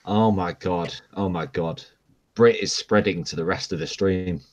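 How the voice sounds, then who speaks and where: A man's voice: low voice, measured pace. A man with a Manchester accent hosting a live stream, chatting casually with friends, teasing and swearing with stammered restarts. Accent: Mancunian. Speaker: stream host. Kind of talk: casual chat among friends.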